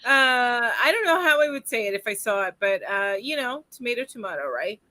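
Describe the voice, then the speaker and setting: A woman co-hosting a casual crochet livestream over a video call, chatty and quick to laugh. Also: fairly high pitch, expressive, pushed and bright, dry recording. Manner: bubbly, laughs often, chatty asides.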